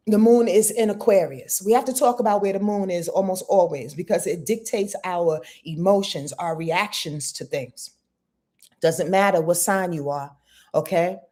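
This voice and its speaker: A woman astrologer with a lowish, darkish voice hosts a live-stream forecast. She talks straight to viewers in chat, using emphatic repeats and rhetorical questions.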